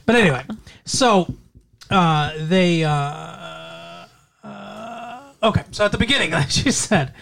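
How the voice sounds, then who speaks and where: This podcast co-host rambles through movie plots in loose, animated casual chat. The voice sits at an ordinary middle pitch and wanders from point to point. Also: slow pace, gravelly, slight background noise.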